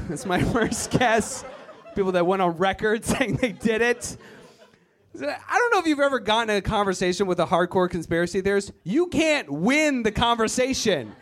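A man from Virginia doing a stand-up comedy set, rambling and laughing at his own lines. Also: high-pitched. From Virginia, USA.

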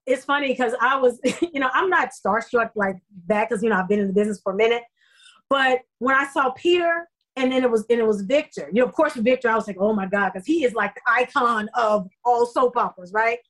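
A middle-aged actress speaking as an interview guest, telling her story in an effusive, emotional way with lively quoted asides. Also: a little high, fairly quick, rough recording. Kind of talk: conversational interview.

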